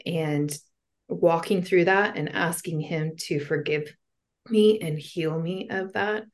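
Earnest lower-voiced woman sharing testimony. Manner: earnest and heartfelt, with casual fillers. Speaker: interview guest. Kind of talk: personal faith testimony.

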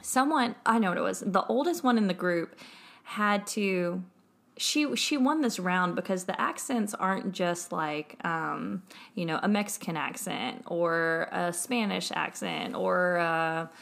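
A woman, an English teacher, telling a story in a casual chat with a friend, animated and laughing through the funny parts. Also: on the low side, measured pace, gravelly. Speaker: podcast co-host and English teacher.

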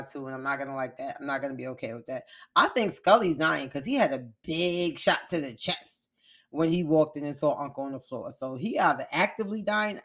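This is a woman hosting her own podcast, walking through a TV episode in relaxed, unscripted chat. Her voice sits somewhat low. She talks with a lot of energy, swears freely and punches the key beats as she tells the story. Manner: animated, profane, emphatic storytelling. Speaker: podcast host. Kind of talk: casual TV recap chat.

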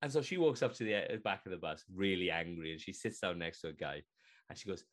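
A man's voice: deep voice, expressive, quick pace. A man co-hosting a podcast, telling rambling stories and swearing freely in casual chat. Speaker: podcast co-host.

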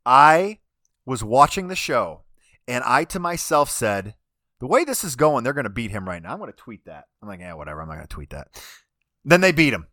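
Ranting, animated male podcast host. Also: mid-range voice, no room sound, studio quality. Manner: animated, ranting, talks over himself with restarts. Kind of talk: casual chat.

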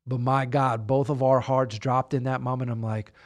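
A man recounts a personal story in conversation, acting out the voices of the people in it. His voice sits in a middle pitch, and he sounds like he is on a video call. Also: normal speed. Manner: animated retelling, acts out quotes. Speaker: guest.

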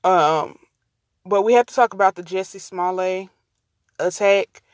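With a medium-pitched voice and a somewhat slow delivery, a woman hosts her own casual podcast, rambling, getting easily distracted, and calling her listeners y'all. The recording is clean studio sound without any room tone.

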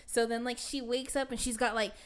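A young adult woman, speaking fairly quickly in a smooth, flat, slightly high voice, recounts a film to a friend in a casual chat. She rambles constantly with fillers and throws in casual swearing.

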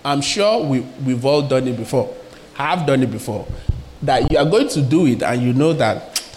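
A man preaching a sermon in a lively, conversational way, asking his listeners questions and acting out little everyday scenes. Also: mid-range voice, normal speed, a little hiss or hum. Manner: acts out little scenes with quoted voices.

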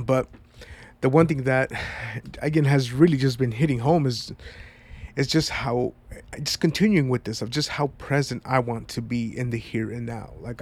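Talking to viewers in a personal vlog, this vlogger sounds congested and stuffed-up, with a middling pitch and a darkish tone. He rambles reflectively in an earnest, heartfelt manner.

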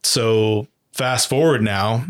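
Man telling a story, full of fillers. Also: on the low side. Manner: halting, many fillers and restarts. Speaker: guest, adoptive parent. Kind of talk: casual storytelling.

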